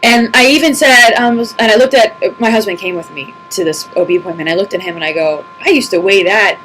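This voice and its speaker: A woman's voice: mid-range voice, steady tone, fast, a bit bright, slight background noise, low-quality recording. A woman in her thirties, talking casually to her computer at home as she answers viewer questions, rambling and laughing often. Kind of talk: casual chat to camera. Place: empty house, alone at a computer. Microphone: computer mic.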